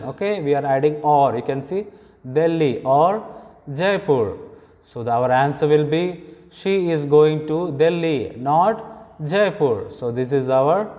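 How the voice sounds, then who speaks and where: A man teaching an English grammar lesson, explaining slowly and deliberately with frequent fillers. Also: a little high, a little mellow. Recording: long hall reverb.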